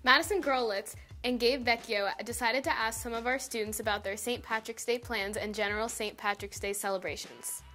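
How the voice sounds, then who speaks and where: A woman's voice: on the high side, steady tone, fairly quick, few pauses, sharp tone, soft background music. A teenage girl co-anchoring a school news broadcast, reading a script steadily. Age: teens.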